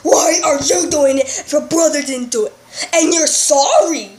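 A woman playing a strict father who scolds his son in a comedy sketch, with slow, drawn-out scolding and sudden shouts. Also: sits high, natural voice. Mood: furious ranting. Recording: roomy echo.

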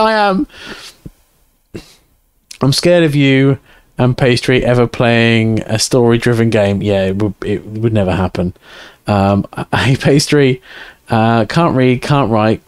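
A man's voice: mid-range voice, clean tone, dry recording. Male game streamer, casual crude banter, reads chat aloud.

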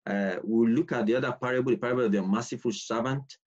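A man teaching a bible study, emphatic and repetitive, reading scripture slowly and deliberately. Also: medium pitch, a little mellow. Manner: emphatic, repeats key points, reads scripture slowly. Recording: dull lo-fi recording.

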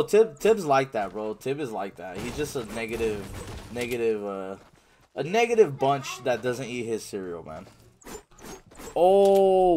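A man's voice: medium pitch, a little hiss or hum. A male livestreamer casually reading viewer chat aloud and answering it while he plays, in a slangy way. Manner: reads viewer chat aloud and answers, slangy, says "bro" and "man" often.

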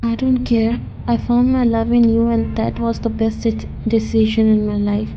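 A woman reading the lines of a protective young mafia husband in a fan-fiction story, in an earnest, steady voice. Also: very high-pitched, normal speed, dull audio, a little hiss or hum. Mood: firm.

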